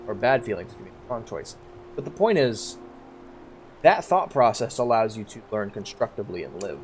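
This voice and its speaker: A man with a lowish voice rambles through a loose, candid monologue while he streams a game, cursing casually. He sounds stoned and unhurried in his thinking, talking close to a desk mic with a faint hiss in the background. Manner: candid, meandering, swears freely.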